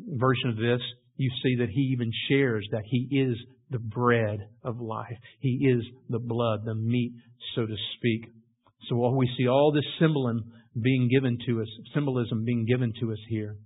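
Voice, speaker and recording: A man preaching a sermon, retelling scripture in a storytelling way and building to loud emphasis. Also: medium pitch, husky. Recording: tinny phone-like audio.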